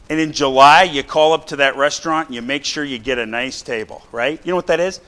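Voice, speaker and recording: A middle-aged man with a drawl delivers a lively, conversational sermon. His voice sits fairly high for a man, and he keeps throwing questions and asides at his congregation. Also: fast talker. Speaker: pastor. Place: church sanctuary.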